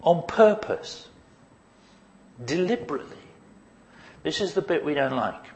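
A man preaching a sermon to his congregation. He is animated, asks rhetorical questions, and drops in humorous asides. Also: fairly high pitch, measured pace, a little hiss or hum.

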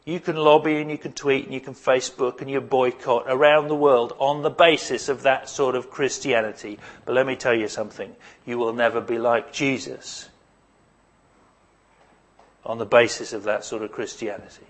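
A man's voice: mid-range voice, fairly even intonation, normal speed. A man preaching a sermon, putting emphatic rhetorical questions to his congregation. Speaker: pastor.

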